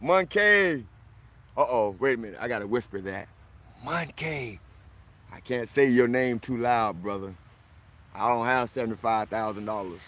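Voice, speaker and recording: A man's voice: medium pitch, lively intonation, moderate pace, fairly bright tone. A man from Florida hosting a casual livestream, boisterous and friendly, greeting viewers by name as he answers their comments.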